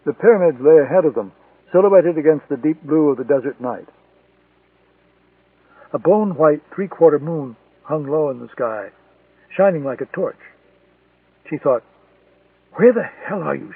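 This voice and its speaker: A man's voice: a little high, animated, moderate pace, pauses often, husky, dry recording. Male thriller narrator on a tinny line. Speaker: audiobook narrator. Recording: tinny, distant, dry lo-fi recording.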